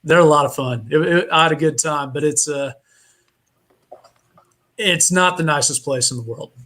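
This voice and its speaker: A man's voice: on the high side, normal speed, bright, forceful tone. A man from Indiana, a podcast guest on a remote call, telling a story in a rambling, casual way with many fillers and restarts.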